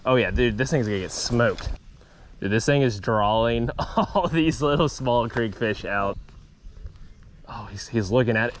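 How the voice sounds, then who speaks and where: A young man hosting an outdoor fishing vlog by a small creek, excitable and quick to laugh, calling out catches as they happen. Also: medium pitch, a little hiss or hum. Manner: excitable, laughs often, says dude. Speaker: fishing channel host.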